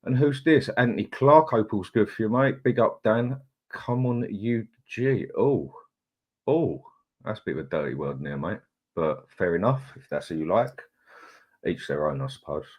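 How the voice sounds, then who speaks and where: A man's voice: lowish voice, animated, normal speed, slightly rough. A middle-aged man, hosting a casual live chat, greeting viewers in a chatty, laid-back way. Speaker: livestream host.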